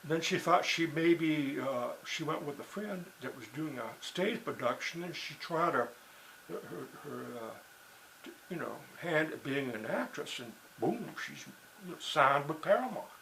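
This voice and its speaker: Gravelly guy rambling on, one thought into the next, faint hiss behind him. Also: fairly high pitch, animated, a little slow, bright, forceful tone, low-quality recording. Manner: digressive, peppered with "you know" and "see". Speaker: writer and blogger. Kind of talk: rambling monologue.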